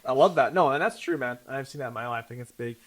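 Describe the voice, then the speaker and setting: A man's voice: mid-range voice, rapid-fire. A man hosting a casual interview, upbeat and encouraging, dropping "man" and "dude" as he asks his questions. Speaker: podcast host.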